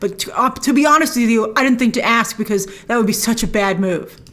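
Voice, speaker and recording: A woman's voice: a little high, a little fast, fairly bright tone. A woman hosting a film trailer review show, chatting through a breakdown with enthusiastic, playful asides. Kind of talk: casual trailer breakdown commentary.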